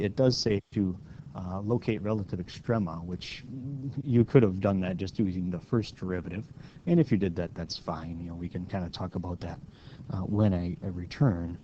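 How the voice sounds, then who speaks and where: A man's voice: sits low, lo-fi sound, noisy background. A man teaching calculus in a casual, step-by-step lecture, stopping now and then to correct his own slips. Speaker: math teacher.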